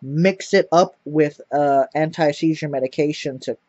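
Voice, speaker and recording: A man's voice: a little high, moderate pace, darkish tone, no echo. A man telling a rambling personal story to camera, repeating words and swearing often. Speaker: vlogger. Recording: dull lo-fi dry sound.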